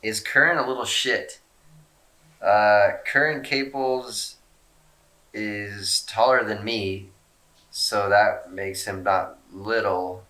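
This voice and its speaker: A relaxed man works through viewer questions in a loose, rambling Q&A, cursing freely and poking fun at himself. His voice sits low yet carries a bright, forward edge. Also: slow. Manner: rambling, laid-back, swears a lot; self-mocking jokes. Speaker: skateboarder answering fan questions. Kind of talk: casual Q&A, reading out viewer questions.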